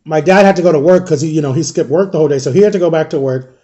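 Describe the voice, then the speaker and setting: A little high and mellow, the man's voice moves at a quick pace, and the audio has its highs cut off. He's a vlogger in his thirties eating and telling viewers a long, casual, meandering personal story, full of fillers and addressed to them as "guys."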